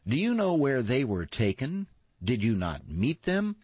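A man's voice: mid-range voice, huge pitch swings, measured pace, darkish tone, husky, no echo, pitched above the performer's own voice, exaggerated voice. A restless young fir tree, as a man voices it, yearning. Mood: wondering. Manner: yearning, eager questions. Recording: dull lo-fi, dry.

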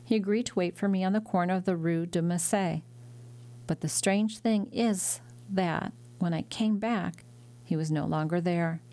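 A woman reading an audiobook, voicing a young daughter who is breathless and excited, in a raised, lively voice. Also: fairly low pitch, moderate pace, natural voice. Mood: explaining.

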